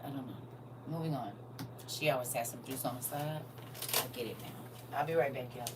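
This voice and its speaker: A woman hosting a casual live stream, reading viewer comments, going from soft and near-whispered to loud and animated. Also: extremely low pitch, brisk, far from the mic, background noise.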